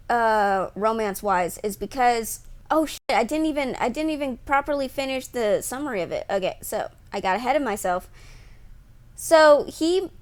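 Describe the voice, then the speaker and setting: A woman ranting in a movie review vlog, rambling with many fillers and restarts and growing exasperated. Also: a little high. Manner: grows heated and exasperated, laughs at her own slips. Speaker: vlogger reviewing a film.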